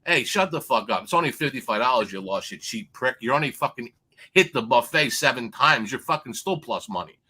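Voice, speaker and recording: On a sports betting show, a man loudly tells a long, profane story, acting out the other people in it. His mid-range voice is animated, brisk and husky.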